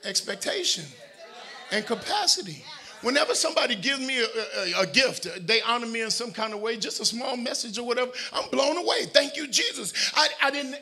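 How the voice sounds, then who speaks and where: A middle-aged pastor with a strikingly bright, piercing voice pitched high for a man, preaching in a church. He moves between shouted, nearly sung declarations and soft, joking asides to the people in front of him. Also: a little fast. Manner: animated preaching, swings from shouting to quiet asides, joking with the congregation. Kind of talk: sermon. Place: church sanctuary.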